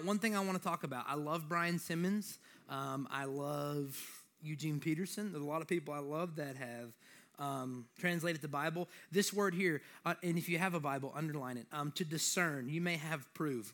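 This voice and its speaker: A young male preacher with a slight lisp and a fairly high voice. He talks to the congregation in a loose, joking way, then presses his points with rising emphasis. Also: moderate pace, a bit bright. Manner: conversational, joking, building to emphatic exhortation. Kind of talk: sermon.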